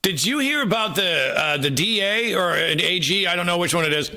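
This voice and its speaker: A man's voice: high voice, expressive, a little fast, bright, forceful tone. A male comedian guest, wisecracking through a casual chat. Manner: joking, wisecracking.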